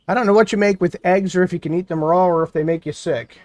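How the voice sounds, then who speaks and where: A man's voice: sits high, fairly even intonation, fast talker, few pauses, a little mellow, no room sound. A man from New York State chatting casually on a live game stream, rambling and thinking aloud as he plays. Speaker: gaming streamer. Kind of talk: casual live-stream chat while playing.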